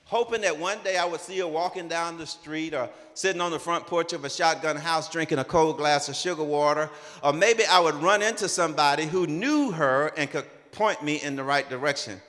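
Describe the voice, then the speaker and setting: Older male conference speaker, vivid storyteller, crisp bright tone, long hall reverb. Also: fairly high pitch, fairly quick, few pauses. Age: 60s. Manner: animated, acts out dialogue in his story. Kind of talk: personal storytelling talk.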